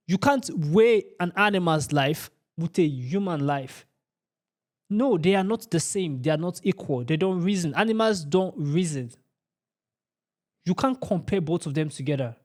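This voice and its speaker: A man hosting a reaction channel, giving emphatic, repetitive ranting commentary. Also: sits high. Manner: emphatic and repetitive, asks "you understand?".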